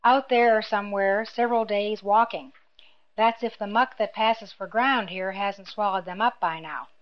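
A woman's voice: medium pitch, moderate pace, close to an everyday voice. A woman voicing a firm, earnest young man in a storybook reading, speaking directly. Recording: dull lo-fi recording.

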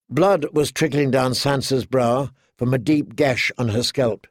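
A man reading a fantasy audiobook in a measured, steady manner. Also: mid-range voice, no room sound, clean studio sound. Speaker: audiobook narrator. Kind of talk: scripted fantasy narration.

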